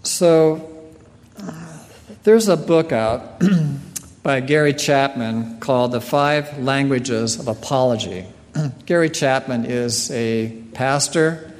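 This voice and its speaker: A man giving a sermon in a slow, earnest way, often clearing his throat. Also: medium pitch. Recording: long hall reverb.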